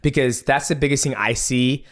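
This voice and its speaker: A man hosting a podcast, relaxed and chatty, often backing the guest with short replies and casual swearing. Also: medium pitch, moderate pace. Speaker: podcast host. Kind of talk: casual interview chat.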